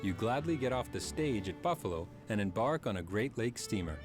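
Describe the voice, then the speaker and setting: A man voicing a stately narrator and announcer in a video game who makes measured announcements. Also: lowish voice, animated, over music, close to an everyday voice. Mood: announcing.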